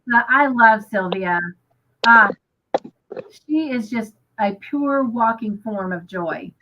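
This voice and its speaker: Woman, gushing live chat, reads comments, slightly high voice, muffled lo-fi audio. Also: takes it slowly, a little hiss or hum. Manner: gushing, excitable, reads viewer comments aloud. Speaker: co-host of a crochet livestream.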